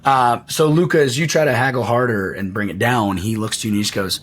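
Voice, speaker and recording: A man narrating and ruling as the game master in a tabletop game, describing scenes in a lively way. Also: mid-range voice, fast talker, hardly any pauses, faint music behind.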